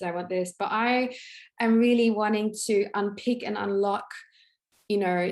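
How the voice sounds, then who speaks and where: A woman energy healer welcoming people to a live online meditation, effusive, repeating her words, tagging on "right?" and laughing often. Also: mid-range voice. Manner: laughs often while talking.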